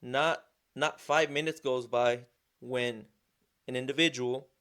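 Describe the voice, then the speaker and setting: A young man recounts a story in a loose, casual way. His speech is slangy and animated, full of restarts and repeated words. His voice sits at an ordinary middle pitch. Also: slow pace. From Southern California. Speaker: vlogger, sponsored motorcycle rider.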